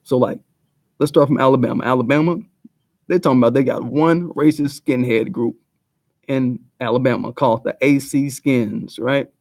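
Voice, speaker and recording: A man's voice: medium pitch, steady tone, moderate pace, a little mellow, dry recording. A man giving a blunt, profane commentary rant full of street slang. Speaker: video commentator.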